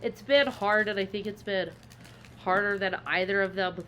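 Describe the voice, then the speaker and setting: Another woman co-hosting the podcast also retells the book's plot in a rambling, casual way packed with fillers. She speaks at normal speed with a medium-pitched, bright, forceful voice and fairly even intonation, over slight background noise.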